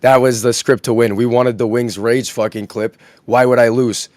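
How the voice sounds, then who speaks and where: Hoarse male gamer guest, dry mic, slangy and self-mocking. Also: medium pitch, flat delivery, darkish tone, no room sound. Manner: rapid slangy, self-deprecating. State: hoarse from yelling. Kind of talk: casual chat.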